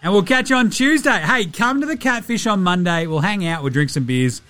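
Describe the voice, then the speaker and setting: A man's voice: sits high, animated, a little fast, fairly bright tone. A man, hosting a podcast and signing off in a blokey, cheeky way. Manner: blokey and cheeky, with crude jokes. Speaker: podcast host. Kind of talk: casual podcast sign-off.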